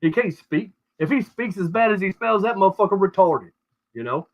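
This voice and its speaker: A man's voice: sits high, animated, brisk, dull audio. A man hosting a show, ranting crudely and rambling with heavy swearing over call audio. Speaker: show host. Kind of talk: profane casual rant.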